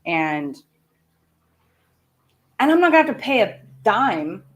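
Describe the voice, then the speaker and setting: A woman's voice: mid-range voice, very animated, slow. A woman from Canada talks casually to her livestream viewers. She is candid and blunt, ranting and speaking her mind. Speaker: streamer.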